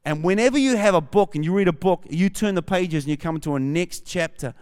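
A man's voice: high voice, brisk, a little mellow, clear, resonant tone. A man with a New Zealand accent, a campus pastor preaching a sermon and reading scripture aloud with rising fervor. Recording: long hall reverb.

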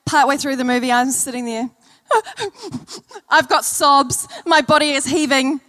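A woman's voice: sits high, a little slow, bright, forceful tone. A woman preacher delivering an earnest sermon to a church congregation, telling stories and repeating key phrases. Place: church service.

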